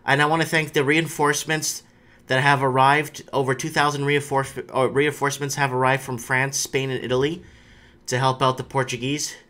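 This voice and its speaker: A man's voice: mid-range voice, a bit bright. A man hosting a live stream, talking casually and rambling, with frequent restarts and fillers.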